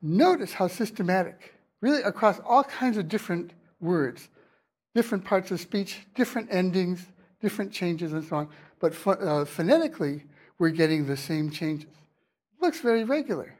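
A man giving a university lecture in class, talking in a halting way with many restarts and fillers. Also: sits high, animated, darkish tone. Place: lecture hall.

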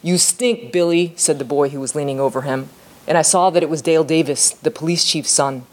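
A woman author reading her novel aloud in a steady, measured storytelling voice. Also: low-pitched.

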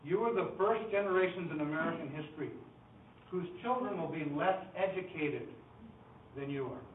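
A middle-aged man giving a public lecture as a board president, telling folksy anecdotes with wry humor and halting restarts. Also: on the high side. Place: lecture room. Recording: far-off echoey hall on a tinny lo-fi line with faint noise.

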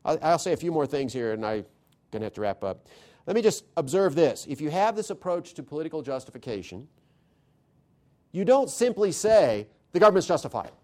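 A man lecturing an audience on constitutional theory in a lively, conversational way, often putting questions to the listeners. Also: fairly high pitch, brisk.

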